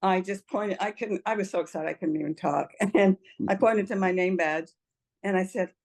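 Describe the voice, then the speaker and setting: Her voice medium in pitch, a little mellow and touched with vocal fry, an older woman speaks at a moderate pace as an interview guest. She relates her personal story earnestly and emotionally, laughing often along the way.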